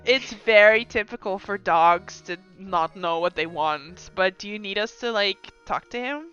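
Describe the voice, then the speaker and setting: A woman's voice: medium pitch, measured pace, smooth, highs cut off, faint music behind. A woman narrating as game master of a tabletop game, laughing often. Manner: giggly, animated narration.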